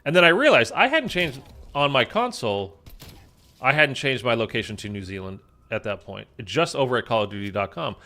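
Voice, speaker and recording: A man's voice: mid-range voice, sing-song, a little fast, sharp tone. A man chatting casually while he plays a zombie shooter, rambling with lots of fillers. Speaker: gaming YouTuber. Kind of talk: casual gameplay commentary.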